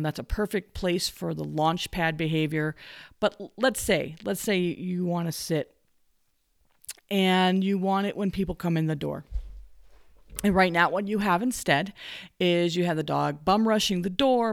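A woman dog trainer giving blunt, salty, animated advice in a podcast monologue with jokey asides. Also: fairly low pitch, moderate pace, gravelly, dry recording, studio quality.

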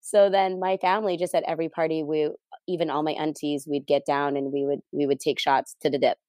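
Female guest with a deep voice, candid storyteller, easygoing, dry close recording. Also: little pitch movement, fairly quick, a little mellow, no room sound. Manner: candid and easygoing, laughs lightly. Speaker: interview guest, event planner. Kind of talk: personal storytelling in an interview.

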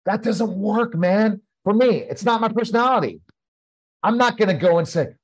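A middle-aged man tells stories with emphatic repetition and animated energy. His voice sits somewhat high for a man, and he hammers his points home. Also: normal speed. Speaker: guest, former pro wrestler. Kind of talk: casual interview storytelling.

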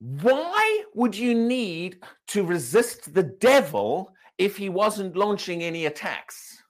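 A man's voice: sits high, sing-song, slow pace. A man preaching a sermon, emphatic and questioning, repeating and restarting words as he drives his points home.

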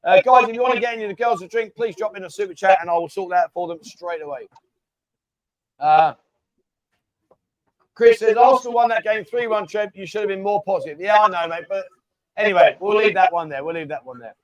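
A man's voice: sits high, brisk, dry recording. A man hosting a casual live stream, bantering and teasing viewers. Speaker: livestream host. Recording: dull lo-fi stream audio.

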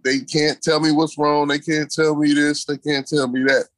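A man's voice: a little high, little pitch movement, normal speed, a bit bright, no echo. A man telling his own story in an interview, casual and colloquial, repeating key phrases for emphasis. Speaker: interview guest. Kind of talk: personal storytelling in conversation.

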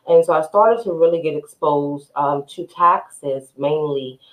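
A woman guest on a podcast telling her story candidly, pausing often with "um". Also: sits low. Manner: candid storyteller, frequent "um" pauses. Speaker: guest, accountant and entrepreneur. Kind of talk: casual interview chat. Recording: echoey room.

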